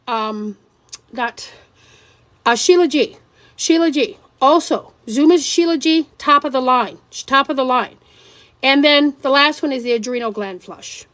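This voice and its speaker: High-voiced woman, animated live stream. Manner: animated, joking, scattered, self-interrupting. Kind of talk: casual live-stream talk.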